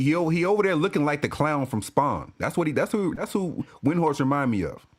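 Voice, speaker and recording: A man giving a casual, profane sports-fan rant to camera, laughing and repeating himself as he goes. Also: mid-range voice.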